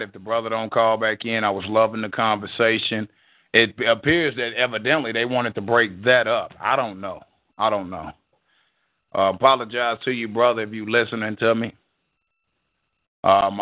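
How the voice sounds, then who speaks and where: A middle-aged man hosting a live stream, out of breath, cursing and rambling casually at his viewers. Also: fairly low pitch. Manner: profane, rambling, addresses viewers as "y'all". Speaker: livestream show host. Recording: tinny phone-like audio.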